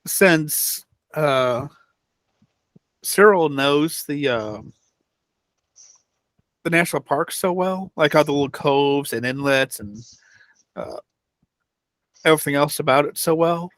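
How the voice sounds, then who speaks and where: An easygoing male player talks casually during a tabletop game. His voice is a touch higher than most men's. The sound is dry and close. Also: slow, long pauses, a bit bright, dry recording.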